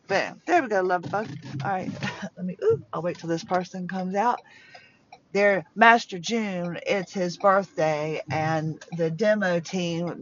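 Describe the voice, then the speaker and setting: A woman's voice: medium pitch, dull audio, a little hiss or hum. A woman in her fifties hosting a podcast, rambling through personal stories from a parked car, emotional and often interrupting herself. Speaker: podcast host.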